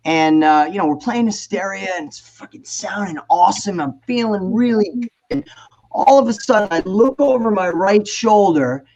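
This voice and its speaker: A man, telling animated, profane stories as a guest on a video call. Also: high-pitched, moderate pace, lo-fi sound. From New Jersey. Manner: animated, profane storyteller, acts out quotes. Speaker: guest musician. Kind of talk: casual storytelling on a video call panel.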